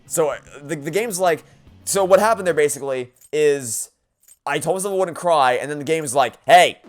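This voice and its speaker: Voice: medium pitch, normal speed, faint music behind. A let's play gamer giving emotional commentary, stammering often, getting exasperated and swearing.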